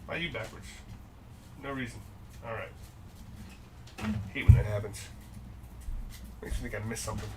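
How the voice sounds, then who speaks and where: A man's voice: on the low side, steady tone, moderate pace, pauses often, recorded from a distance, noisy background. A man hosting a live-stream card break, upbeat and jokey as he rattles off the cards pulled.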